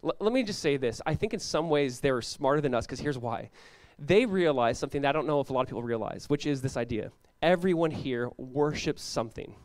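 A young man preaching a sermon as pastor, casual and animated, peppered with "like" and quick laughs. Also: medium pitch, no echo.

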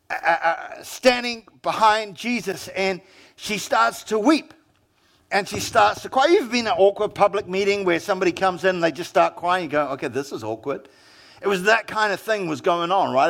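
A man's voice: high voice, fairly bright tone. A male pastor with a New Zealand accent, preaching a sermon in a conversational storytelling manner and acting out quoted lines.

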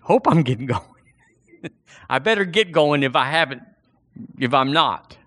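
A man preaching a sermon in a folksy, animated way, acting out the voices in the story. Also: fairly high pitch, unhurried. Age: 60s.

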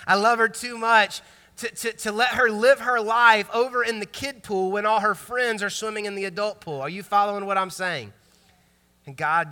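A man in his thirties, a pastor preaching a sermon in a lively, conversational storytelling way. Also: high voice, smooth. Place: church sanctuary. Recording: long reverb church hall.

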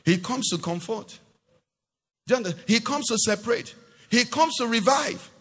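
A man's voice: extremely high pitch, lively intonation, normal speed, fairly bright tone, breathy edge, long reverb tail. A male pastor preaching a sermon, quizzing the congregation with rhetorical questions.

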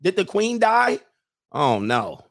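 A man's voice: high voice, very animated, slow pace, fairly bright tone. A man hosting a livestream in a casual, rambling monologue, joking along and reading out viewer comments. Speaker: livestream host.

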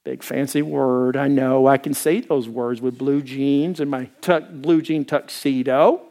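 A man from Arkansas preaching a conversational, animated sermon as the church's pastor. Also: mid-range voice, measured pace.

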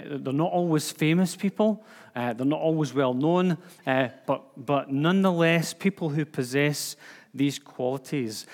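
Chatty Scottish preacher in a hall. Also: male voice, fairly high pitch. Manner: chatty, lots of fillers and restarts. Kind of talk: informal sermon. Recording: long hall reverb.

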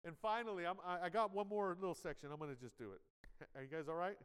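A man's voice: high-pitched, fast, clear, resonant tone. A male pastor preaching a conversational sermon, often asking "amen" and acting out quoted inner voices. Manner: conversational preaching with frequent "amen" and audience check-ins; acts out quoted inner voices with dramatic shifts in loudness. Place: church sanctuary. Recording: live sermon in a large reverberant church hall.

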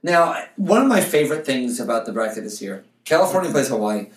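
A man's voice: mid-range voice, big pitch swings, fairly quick. A man hosting a casual sports chat, laughing often and stumbling over names. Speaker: podcast host. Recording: roomy, distant from the mic.

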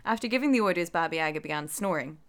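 Woman storyteller with a lower voice, relaxed and chatty between passages. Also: very fast. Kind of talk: reading a folk tale aloud with chat.

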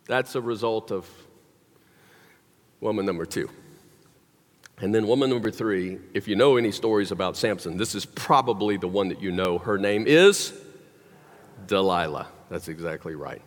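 A man's voice: on the low side, lively intonation, normal speed, long pauses. A man preaching a sermon, telling a story animatedly with wry, joking asides. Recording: long hall reverb.

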